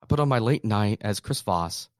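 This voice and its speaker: A man in his thirties hosting a motivational talk, earnest, moving between hushed softness and emphatic bursts. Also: fairly low pitch, normal speed, no echo, studio quality. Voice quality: soft calming voice in quoted comfort. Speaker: podcast host.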